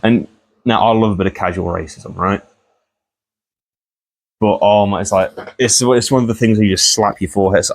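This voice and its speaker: A man's voice: lowish voice, fairly even intonation, moderate pace, pauses often. A young man rambling casually through a profane commentary vlog, often laughing at the story.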